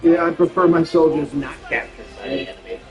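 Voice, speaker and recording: A man in casual chat, making quick, sarcastic remarks. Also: a little high, steady tone, echoey room, muffled recording, soft background music.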